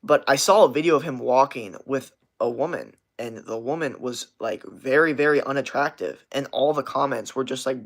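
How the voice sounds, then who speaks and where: A man's voice: mid-range voice, lively intonation, normal speed, few pauses, fairly bright tone. A young man hosting a livestream as a health coach, ranting casually in a rambling, profane way, full of filler words and restarts.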